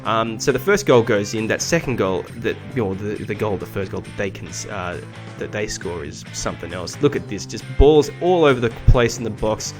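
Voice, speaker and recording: A young man hosting a gaming video, recapping matches in a chatty, excitable way, full of restarts and fillers. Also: lowish voice, moderate pace. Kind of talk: game commentary, recapping and playing live. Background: background music.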